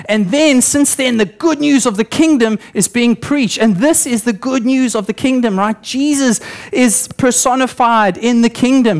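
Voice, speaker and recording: A young male preacher giving a sermon in church, telling stories with acted-out quotes and voices. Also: very high voice.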